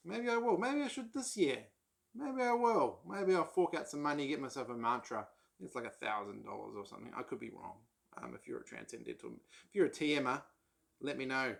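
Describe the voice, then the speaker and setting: A man's voice: mid-range voice, vocal fry, a bit bright. A man vlogging about his old paperbacks in casual, rambling talk full of ums and restarts. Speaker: book vlogger. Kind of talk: casual chat.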